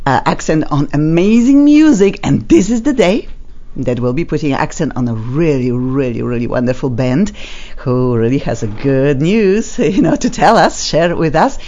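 A woman hosting a talk radio show in a studio, speaking playful non-native English with a lively, animated manner. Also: sits low, normal speed, dull audio. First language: not English. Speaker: radio host.

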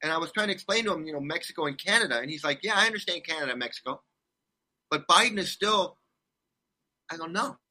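A man in his sixties from California, a guest telling rambling, animated stories with many restarts in a casual interview. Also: fairly high pitch, fast. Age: 60s.

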